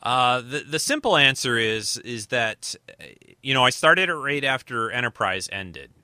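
A man's voice: mid-range voice, animated, unhurried, bright, forceful tone, smooth, no echo, clean studio sound. A man hosting his podcast in casual chat, rambling and often restarting his sentences. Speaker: podcast host.

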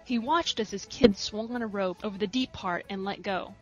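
A woman reading a story aloud in a soft, steady narration. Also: mid-range voice, normal speed, soft background music, low-quality recording. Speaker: reader.

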